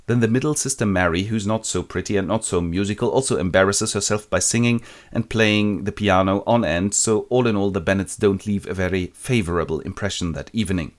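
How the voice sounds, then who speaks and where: A man's voice: on the low side, animated, brisk. A man narrating a comic, irreverent literature summary in a casual tone.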